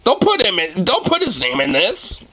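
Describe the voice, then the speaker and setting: Excitable ranting man, lively voice. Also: high-pitched, moderate pace, a little hiss or hum. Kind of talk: casual profane commentary chat.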